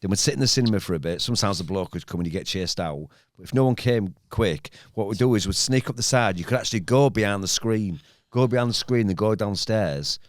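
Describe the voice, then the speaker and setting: A middle-aged man with a Hull accent, telling animated, rambling stories in a casual podcast chat. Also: quick pace, few pauses, dry recording, studio quality. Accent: Hull, East Yorkshire. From Hull, England. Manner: animated, rambling storyteller with sudden pitch jumps. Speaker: podcast host.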